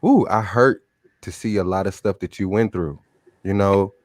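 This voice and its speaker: A man's voice: low-pitched, moderate pace, darkish tone, no room sound, clean studio sound. A man hosting a casual chat show, talking in an effusive, emotional way. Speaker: host.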